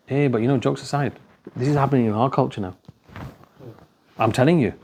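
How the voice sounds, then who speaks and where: A man's voice: medium pitch, fast, vocal fry, pauses often, darkish tone, slight background noise. A man giving a conversational religious talk, telling stories and acting out the dialogue. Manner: anecdotal, conversational, acts out dialogue. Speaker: speaker at a talk.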